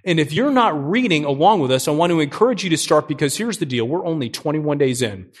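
A middle-aged man preaching a sermon as pastor, energetic and joking, often asking his listeners questions. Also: on the high side, fast.

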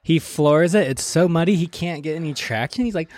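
A man's voice: fairly high pitch, fairly quick, a little mellow, dry recording. A young adult man, a pro surfer, telling stories in casual chat with lots of laughter and surfer slang. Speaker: pro surfer and podcast guest. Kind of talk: casual chat, animated storytelling.

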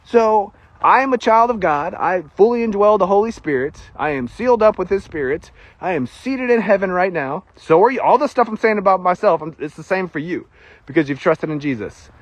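Southern US male preacher, casual sermon delivery, self-deprecating and quick to laugh, higher-pitched voice with a husky texture. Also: lively intonation, dry recording.

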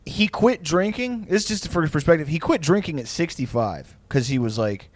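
A man's voice: fairly high pitch, sing-song, fairly quick, dry recording. A young man co-hosting a podcast, telling rambling, profane stories in casual chat. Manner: profane, rambling storytelling with frequent laughs. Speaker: podcast co-host.

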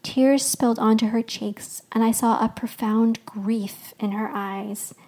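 A woman hosting a podcast, reading a fictional first-person story aloud with expressive storytelling. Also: on the high side, unhurried. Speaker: podcast host.

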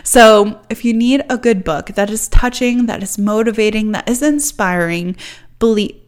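A woman's voice: a little high, moderate pace. A young woman hosting her own podcast, talking in a chatty, upbeat way with lots of fillers and laughter. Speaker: podcast host. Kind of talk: casual solo podcast chat.

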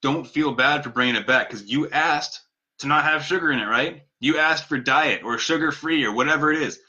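A man's voice: a little high, moderate pace, bright, forceful tone. A man talking casually to viewers in an advice vlog, earnest and conversational, repeating his key points. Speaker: vlogger giving diabetes advice. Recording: dull lo-fi sound.

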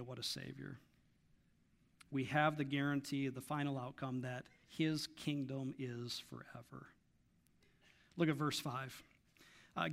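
A middle-aged male pastor delivers a sermon with a bright, forceful voice pitched a little above most men. He preaches emphatically, swelling on key lines and sinking to quiet, personal asides.

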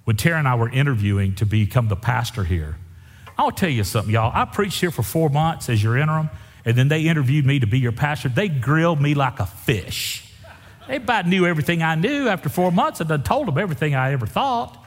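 A man's voice: a little high, big pitch swings, quick pace. A man preaching a sermon as pastor, in a folksy, emphatic style with lots of repetition. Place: church sanctuary. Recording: long reverb of a church hall.

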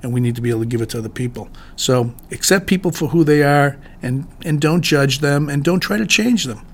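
A man's voice: fairly high pitch, expressive, fairly quick. A man hosting a solo talk on leadership, speaking in an earnest, conversational way with frequent restarts. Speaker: podcast host.

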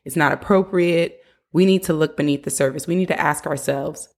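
Low-voiced woman giving parenting advice. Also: brisk. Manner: earnest, coaching, acts out parent quotes. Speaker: parenting podcast host. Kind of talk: casual advice talk.

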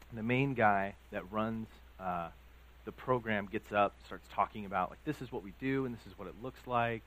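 Male pastor, lowish voice, easygoing preaching with lots of ums and story asides. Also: a bit bright, low-quality recording. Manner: conversational storytelling, many fillers. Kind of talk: sermon.

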